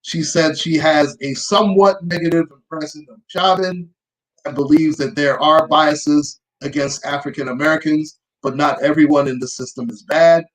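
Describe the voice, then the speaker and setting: A woman's voice: deep voice, steady tone, normal speed, poor audio. A woman hosting her own show, reading out a news report and adding dry, sarcastic asides. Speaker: host. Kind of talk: reading news aloud with commentary.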